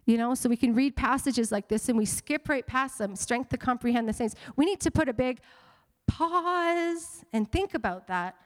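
High-voiced woman pastor preaching. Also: moderate pace, big-room sound. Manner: animated, playful asides to the congregation. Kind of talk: sermon. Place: church sanctuary.

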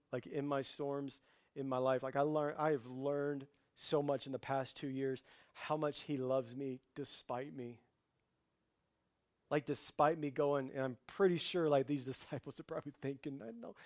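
A man in his forties preaching a sermon in a conversational way, dropping to a hush and then rising into loud, lively outbursts. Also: medium pitch, no echo, clean studio sound. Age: 40s. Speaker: pastor.

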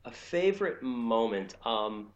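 A man's voice: mid-range voice, very animated, a little slow. A man co-hosting a podcast in a laid-back, hesitant way, laughing easily. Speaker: podcast co-host. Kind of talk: casual chat. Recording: dull lo-fi microphone.

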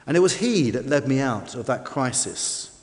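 A man's voice: mid-range voice, very animated, normal speed, big-room sound. A man preaching a sermon with an emphatic, varied delivery.

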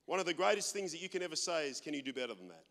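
Male pastor, high-pitched and loud, storytelling sermon, long hall reverb. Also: racing. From Australia. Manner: loud, animated, self-deprecating humor.

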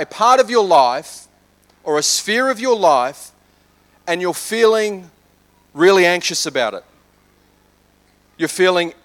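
Pastor guy preaching, fairly high voice, gets loud then goes real quiet to pray. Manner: animated, swings from loud urging to hushed prayer. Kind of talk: sermon.

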